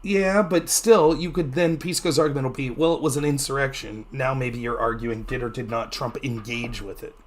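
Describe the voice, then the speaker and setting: A man speaking as a guest political commentator in a casual interview, animated, with sharp upward jumps in pitch when he greets people. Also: moderate pace, few pauses, slight background noise.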